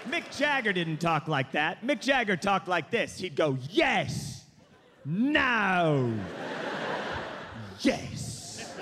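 A man in his thirties doing stand-up comedy with animated, self-deprecating storytelling, recorded live on a theater stage. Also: high voice, normal speed, hardly any pauses, background noise. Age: 30s. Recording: live stage recording with hall reverb and faint ambience.

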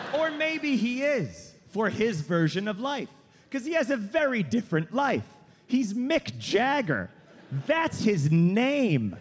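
Guy in his 30s doing standup, high voice that bounces all over, roomy hall echo w faint crowd noise. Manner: animated, self-deprecating storytelling. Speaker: stand-up comedian. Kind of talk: stand-up comedy. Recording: live stage recording with hall reverb and faint ambience.

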